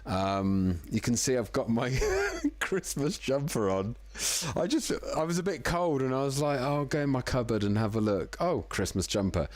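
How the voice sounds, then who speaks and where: A man's voice: medium pitch, animated, normal speed, no echo. A man hosting a casual live music-making stream from home, chatty and self-deprecating, a little tipsy. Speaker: livestream music producer host. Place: home room in the evening.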